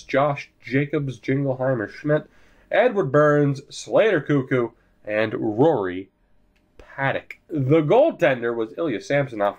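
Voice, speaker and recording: A young gaming commentator jokes and swears through his hockey video game, swinging from low mutters to sudden shouts. The audio sounds dull.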